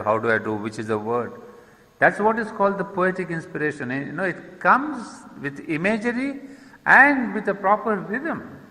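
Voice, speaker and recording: Man, lecturer, fairly high voice, long hall reverb. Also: pushed and bright. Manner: reads verse lines slowly, then explains with hesitant restarts. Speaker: lecturer on poetry and yoga. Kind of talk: explanatory lecture.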